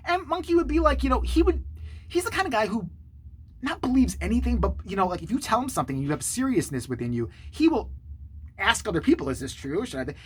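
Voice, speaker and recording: A man hosting his own channel, telling a story to the camera in a sarcastic, profane, animated way. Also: very high voice, quick pace, husky. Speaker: channel host.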